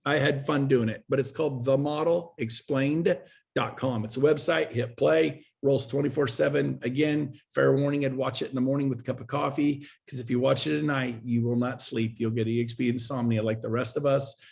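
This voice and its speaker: A man talking as a guest in an interview, pitching hard with emphatic, repetitive and urgent delivery. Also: steady tone, brisk, vocal fry, a little mellow. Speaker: guest, real estate agent and recruiter. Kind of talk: energetic sales pitch in an interview.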